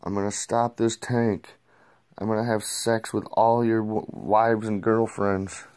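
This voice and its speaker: A man's voice: lowish voice, flat delivery, a little slow, a little mellow, clean tone, close to an everyday voice. A man doing a cocky washed-up action star. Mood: boastful.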